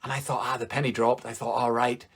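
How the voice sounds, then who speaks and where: A man from Northern Ireland with a Northern Irish accent, doing animated stand-up storytelling for a virtual show, swearing freely and jumping up in pitch for punchlines. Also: fast talker, breathy edge. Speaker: stand-up comedian.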